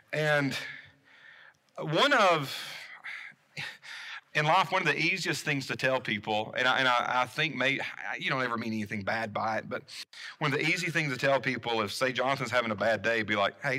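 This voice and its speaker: A man's voice: mid-range voice, pushed and bright. A young adult man, a pastor, gives a conversational sermon, asking the congregation questions and restarting his sentences often. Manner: casual, asks the congregation questions, many restarts.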